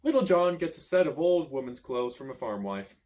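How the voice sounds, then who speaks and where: A man reading a choose-your-own-adventure book aloud, with lively storytelling and casual asides. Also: mid-range voice, brisk. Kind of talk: expressive read-aloud narration.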